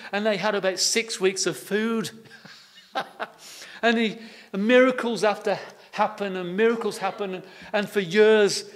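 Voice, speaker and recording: A high-voiced man preaching a sermon in an easy storytelling manner. He often repeats his words as he goes. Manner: homely, anecdotal, repeats words. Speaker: pastor.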